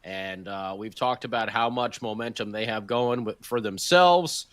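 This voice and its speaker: A man hosting a sports podcast, giving an energetic, jokey game recap. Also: lowish voice, measured pace, no room sound. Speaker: podcast host.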